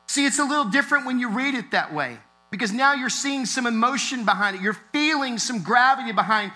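A man preaching a sermon in a church, talking earnestly and building to emphatic, drawn-out stresses. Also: very high-pitched, animated, sharp tone, low-quality recording. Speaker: pastor.

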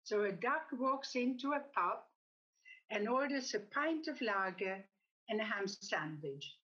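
Slow, measured woman giving a talk. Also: mid-range voice, animated, sharp tone, dull audio. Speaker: speaker. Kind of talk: reflective talk with a told joke.

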